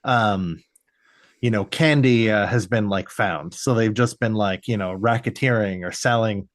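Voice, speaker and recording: A man's voice: on the low side, unhurried, no echo, clean studio sound. A man co-hosting a podcast in casual chat, rambling with many fillers and restarts. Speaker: podcast co-host.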